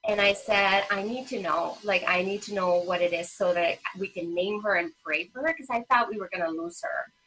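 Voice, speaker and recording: A woman's voice: mid-range voice, normal speed, hardly any pauses, fairly bright tone, slight background noise, low-quality recording. A woman in her thirties, a parent advocate, telling a personal family story in a casual interview, full of fillers and acted-out quotes. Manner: emotional storytelling with many fillers. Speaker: guest, parent advocate and children's author.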